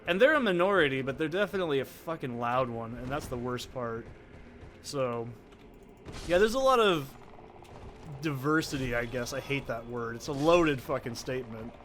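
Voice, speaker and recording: A man's voice: on the high side, fairly bright tone, slight background noise. A man from Oregon with an Oregon accent, giving casual, rambling gameplay commentary full of swearing and off-topic tangents. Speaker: let's play gamer. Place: soundproofed corner at home. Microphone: desk condenser mic with pop filter.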